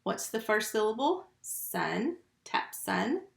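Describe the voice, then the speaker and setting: A woman's voice: medium pitch, expressive, measured pace, pauses often, fairly bright tone. A woman teaching a first grade phonics lesson from home, patiently sounding out letters and syllables one by one into a computer mic. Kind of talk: recorded phonics lesson for young children. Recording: echoey room.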